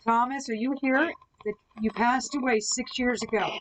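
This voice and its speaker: A woman's voice: fairly high pitch, fairly even intonation, moderate pace, rough recording. A woman running a live-stream ghost hunt, asking spirits questions through a spirit box and answering viewer comments. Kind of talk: live-stream paranormal session. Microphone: device-heavy setup with a spirit box.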